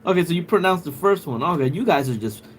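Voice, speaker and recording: A man's voice: fairly high pitch, lively intonation, fast talker, a little hiss or hum. A man with a Puerto Rican accent chatting casually on a livestream, musing aloud with crude, playful banter. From Puerto Rico. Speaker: livestream host.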